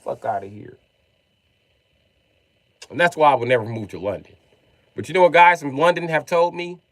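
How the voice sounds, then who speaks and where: A man from Illinois ranting on a livestream in a profane, exasperated, comedic way, acting out quick mock quotes. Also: on the high side, no echo.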